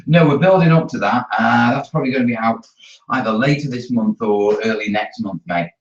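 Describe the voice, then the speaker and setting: A man's voice: medium pitch, fairly quick. Bloke chatting away to his viewers, echoey workshop, kinda muffled. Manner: chatty, easygoing, talks to viewers while working. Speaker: terrain-building channel host. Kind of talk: casual chat during a live studio stream. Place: hobby workshop studio. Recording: roomy, distant, dull mic.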